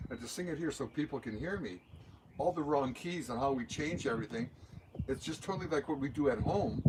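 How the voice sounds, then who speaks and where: An older man, a musician being interviewed in a recording studio, answering in a loose, rambling, anecdotal way. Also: medium pitch. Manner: rambling, anecdotal, talks with his hands through examples. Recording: steady background noise.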